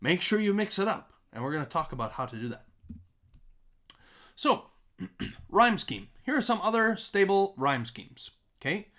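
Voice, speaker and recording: A man teaching songwriting in a recorded lesson, his pitch leaping up and down as he explains. He chants simple rhymes to make his points and checks in often with "okay?" and "right?". His voice sits a little above the usual male range. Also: unhurried, pauses often. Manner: animated, chanting rhymes as examples. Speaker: music teacher.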